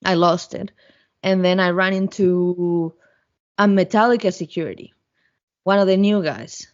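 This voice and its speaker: A woman's voice: lowish voice, unhurried, highs cut off. Blunt, profane woman telling a story. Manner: blunt, profane, animated retelling. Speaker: podcast guest, fan. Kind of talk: casual storytelling.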